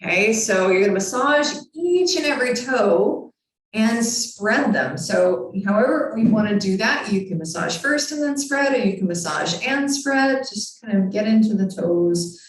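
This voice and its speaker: A woman teaching a yoga class, giving calm, encouraging step-by-step cues for foot massage and balance work. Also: medium pitch, a little slow. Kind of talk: guided yoga instruction. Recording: very echoey room, far from mic.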